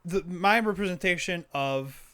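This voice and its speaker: Young male co-host, smooth resonant voice, loose rambling podcast chat. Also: sits high, moderate pace, bright, forceful tone. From Quebec. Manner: rambling, lots of filler and restarts. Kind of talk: casual chat.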